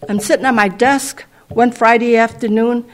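A woman giving a personal testimony to a congregation, telling it as a lively, conversational story. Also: a little high, normal speed. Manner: animated, conversational storytelling with sound effects.

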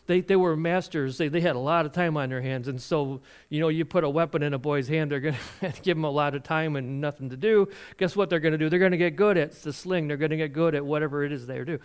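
A man preaches a sermon, retelling a Bible story with animated energy. He laughs often and restarts his phrases. His voice sits slightly high and sounds smooth and resonant. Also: a little fast.

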